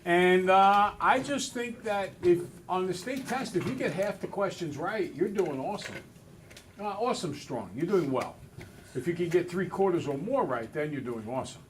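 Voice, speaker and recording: A male math teacher in a classroom, relaxed and a little self-deprecating, talking through each step aloud. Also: high voice, normal speed, slight background noise. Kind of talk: classroom lesson. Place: school classroom with students.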